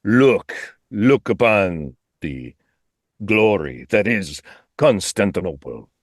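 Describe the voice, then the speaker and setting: A man improvising as a commanding sultan, speaking in slow, solemn pronouncements. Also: on the low side, very animated, no room sound, clean studio sound, heavily acted. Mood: grandiose. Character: grand male sultan, commanding and lofty. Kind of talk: improvised comedy role-play.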